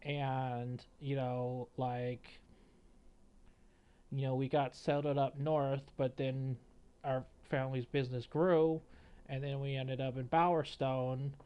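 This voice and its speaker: A man's voice: medium pitch, little pitch movement, takes it slowly, clean tone, dull audio, natural voice. A man voicing a chatty female shopkeeper. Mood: friendly. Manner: chatty, casual storytelling. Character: friendly female shopkeeper, a former warrior.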